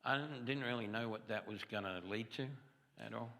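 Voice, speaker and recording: Deep gravelly man preaching in a hall. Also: brisk, sharp tone. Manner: storytelling, conversational, self-deprecating humor. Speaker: guest preacher. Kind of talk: testimony sermon. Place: church sanctuary.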